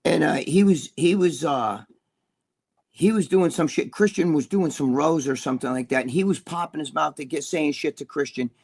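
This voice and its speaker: A man with a somewhat high voice spins tales as a guest in a casual interview. He swears freely, rambles, and keeps restarting his sentences. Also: moderate pace, creaky, darkish tone, slightly rough. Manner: profane, rambling, with many restarts. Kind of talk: casual storytelling.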